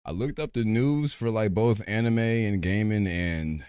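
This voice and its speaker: A man's voice: on the low side, measured pace, darkish tone, smooth, dry recording, clean studio sound. A man hosting a loose, rambling podcast, chatting casually and swearing freely. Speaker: podcast host. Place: home streaming setup.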